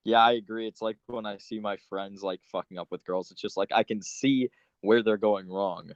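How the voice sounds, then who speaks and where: A man's voice: fairly low pitch, steady tone, moderate pace, dry recording. A young man in his late teens in a casual chat, talking heatedly and full of "like" fillers. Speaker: guest. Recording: dry, dull lo-fi sound.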